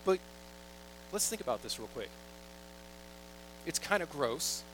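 A young man delivers a sermon in a relaxed, conversational way, mixing scripture readings with jokey stories. His voice sits a little high for a man. A faint electrical hum runs under the recording. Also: unhurried, poor audio. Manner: conversational, jokey storytelling with quoted asides. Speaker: pastor.

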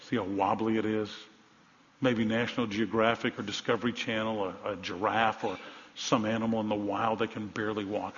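A male pastor preaching a sermon, telling a story with animated emphasis and dropping to quiet, soft moments. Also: lowish voice. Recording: dull sound in a large reverberant hall.

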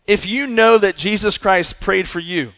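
A man with a high, lively voice preaches to young people, driving his points home with a conversational energy. His talk carries the long reverb of a large hall. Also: unhurried. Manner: energetic, repeats "right?" and "listen". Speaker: youth pastor.

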